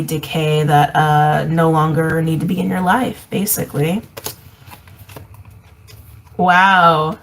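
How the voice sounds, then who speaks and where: A woman giving a casual intuitive reading, meandering and repeating herself, reflective with soft laughs. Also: sits low, a little hiss or hum, poor audio. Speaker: intuitive reader.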